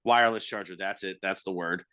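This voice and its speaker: A man's voice: low-pitched, steady tone, fairly quick, pushed and bright, smooth. Rambling, swearing podcast co-host man. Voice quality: rambling, profane, self-mocking. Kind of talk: casual podcast chat.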